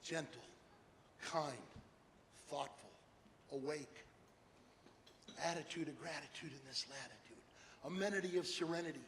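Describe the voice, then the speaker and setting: An older man giving a humorous motivational keynote speech, animated storytelling and rhyming slogans. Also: on the high side, unhurried, pauses often. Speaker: keynote speaker. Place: large hall with an audience. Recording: echoey hall, faint noise.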